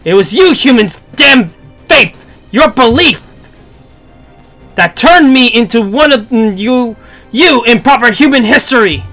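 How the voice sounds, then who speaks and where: A streamer reading a game script aloud on stream, voicing an arrogant male god who despises humans in haughty, booming, drawn-out proclamations. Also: expressive, fairly bright tone, faint music behind. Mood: bitter.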